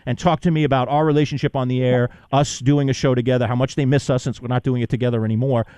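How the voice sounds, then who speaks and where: A male radio host with a clean, medium-pitched voice speaks quickly, with no room sound, telling stories in casual chat. Animated, he acts out both sides of old on-air exchanges in voices.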